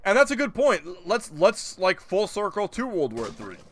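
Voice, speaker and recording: Male streamer, high voice, very animated pitch, joking, incredulous rants, casual. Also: normal speed. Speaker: gaming streamer. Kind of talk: casual live-stream chat.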